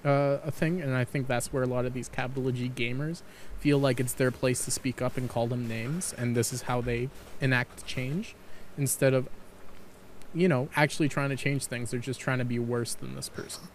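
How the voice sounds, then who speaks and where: A man's voice: mid-range voice, fairly even intonation, normal speed, a little hiss or hum. A man hosting a podcast, giving his opinions in a rambling way, repeating words and swearing casually. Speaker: podcast host and streamer.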